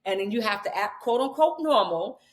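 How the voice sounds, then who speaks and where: A woman's voice: mid-range voice, lively intonation, brisk. Affirming woman podcast host. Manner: affirming, chiming in with agreement. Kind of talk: supportive conversational interview.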